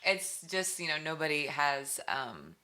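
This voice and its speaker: A young woman musician being interviewed, telling stories in a bubbly, animated way with lots of fillers. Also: deep voice, measured pace. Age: young adult. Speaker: musician guest. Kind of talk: casual interview chat.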